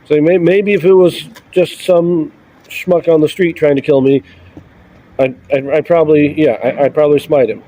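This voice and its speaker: A man reading scripture aloud and commenting on it in a relaxed, conversational way with easygoing asides. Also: on the high side, moderate pace, a little hiss or hum, low-quality recording.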